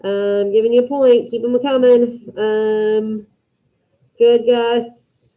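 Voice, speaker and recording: A woman teaching a Spanish class online, brisk and encouraging, calling out students by name as she checks their answers. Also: on the high side, level tone, narrow, tinny audio.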